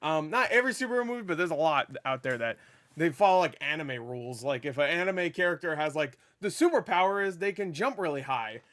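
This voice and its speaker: A fairly high-voiced man talks through a movie in a loose, unscripted review. He rambles, curses freely and trips over his own restarts, then bursts into excited shouts when he gets to the big moments. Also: quick pace. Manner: rambling, profane, with stammered restarts; animated and excitable. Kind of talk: casual spoiler review talk.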